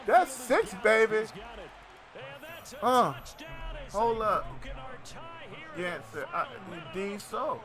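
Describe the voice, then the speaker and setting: Middle-aged male streamer, high voice, loose and jokey, talks to chat while he plays. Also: animated, extremely slow, pauses often, a bit bright, soft background music. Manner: loose, joking, chatty with viewers. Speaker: gaming streamer. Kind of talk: casual live-stream chat while playing.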